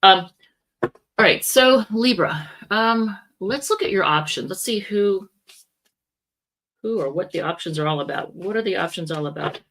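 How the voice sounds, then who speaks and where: A woman's voice: medium pitch, lively intonation, normal speed, a bit bright. A woman giving a casual, rambling tarot reading, often stopping to correct herself. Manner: rambling, self-correcting, chatty asides. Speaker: tarot reader.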